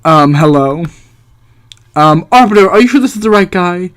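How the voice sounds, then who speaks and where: An eager young philosopher hero in a game, voiced by a man. His voice sits fairly high and swings a lot as he reacts with disbelief. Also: animated, moderate pace, a bit bright, clean tone. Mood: incredulous.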